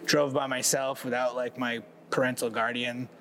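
A man's voice: mid-range voice, flat delivery, moderate pace, fairly bright tone, slight background noise. A man in his forties from Massachusetts, a guest telling stories in casual chat, rambling with lots of filler and swearing. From Massachusetts, USA. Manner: rambling, laid-back, heavy use of "like" and swearing. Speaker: guest, pro skateboarder. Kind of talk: casual podcast storytelling.

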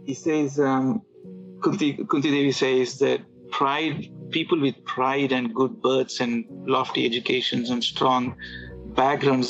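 Male guest, halting storyteller, middle pitch, dull lo-fi recording with faint music behind. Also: creaky. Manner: halting, with restarts and filler words. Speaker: guest telling his conversion story. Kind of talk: casual storytelling.

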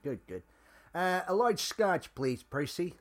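A man's voice: high-pitched, very animated, takes it slowly, heavily acted. A man voicing an earnest hotel worker who talks hesitantly and stumbles over his words.

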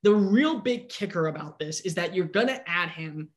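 A man giving an opinionated, animated breakdown in casual sports talk. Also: high voice, normal speed. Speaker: sports analyst.

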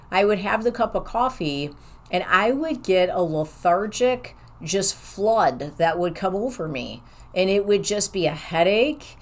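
A woman talking casually about her own life, rambling and candid. She acts out what she and others said. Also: mid-range voice. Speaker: professional who sees clients in an office. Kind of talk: casual personal storytelling.

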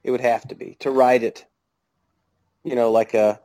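A man's voice: medium pitch, level tone, normal speed, mellow, no room sound. Man, casual guest, self-deprecating humor, dry mic. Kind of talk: casual chat.

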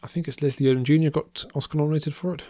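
A man's voice: a little high, fairly even intonation, racing, mellow, no room sound. A man co-hosting a podcast, chatting casually about films with many ums and restarts. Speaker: podcast co-host. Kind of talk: casual film review chat.

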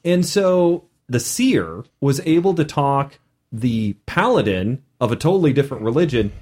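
A man hosting a casual podcast as a game master, animated, with many restarts. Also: medium pitch, moderate pace.

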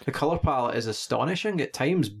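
A man's voice: medium pitch, animated, fast, vocal fry, slightly rough. A man in a casual film-critique chat, laid-back and wry, thinking aloud as he talks. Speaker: podcast co-host.

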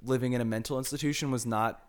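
A man's voice: medium pitch, fairly even intonation, fast talker. An American man co-hosting a podcast, talking through a movie in a thoughtful, casual way with many "like" fillers. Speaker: podcast co-host. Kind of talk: casual film discussion.

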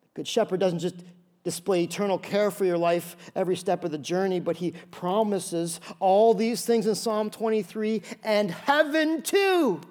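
A male pastor preaching a sermon, telling stories in an animated way with many quick restarts. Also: high voice.

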